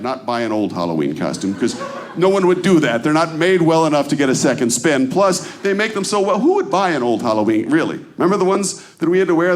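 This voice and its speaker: A man doing a stand-up routine on a club stage, chatting with and quizzing the audience. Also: fairly high pitch. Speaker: stand-up comedian.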